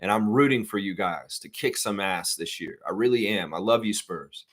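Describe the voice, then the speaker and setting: Chatty man hosting a live fan stream. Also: moderate pace. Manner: chatty, rambling, reads viewer comments aloud; gets loud and high-pitched when worked up. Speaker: sports fan livestream host. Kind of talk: casual live chat reacting to news.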